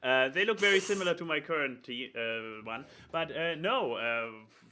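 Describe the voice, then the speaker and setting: A man's voice: fairly high pitch, lively intonation, moderate pace, pushed and bright, a little hiss or hum. A young man co-hosting a podcast, talking casually with many fillers and restarts. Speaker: podcast co-host. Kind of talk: casual chat.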